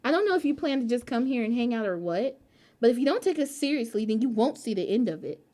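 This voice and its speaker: A woman's voice: a little high, big pitch swings, fast, mellow. A woman voicing a prickly teenage girl club member, reading the lines in a curt, plain way.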